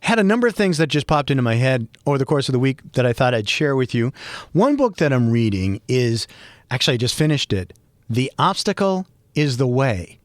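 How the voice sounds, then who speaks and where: A man with a Boston accent rambles through a solo podcast monologue, wandering from topic to topic with joking asides. His voice sits at an ordinary middle pitch. The sound is dry and close, with no room around it. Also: very animated, fairly quick, dry recording. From Boston area, USA. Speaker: podcast host.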